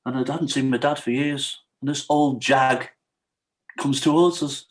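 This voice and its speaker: A man's voice: mid-range voice, normal speed, poor audio. A middle-aged man, a guest on a podcast telling his own life story frankly. He tells it with energy, acting out the lines of other people. He keeps checking in with the host. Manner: animated storyteller, acts out quotes, often asks "right?". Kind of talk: candid storytelling.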